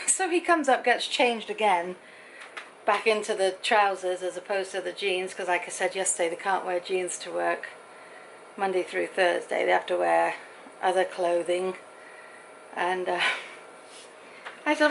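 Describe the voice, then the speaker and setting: Middle-aged woman, home vlogger, chatty and rambling, mid-pitched voice, faint background hiss. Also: unhurried, gravelly, long pauses, poor audio. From Britain. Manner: chatty, rambling storyteller acting out quoted voices. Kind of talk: casual chatty vlog.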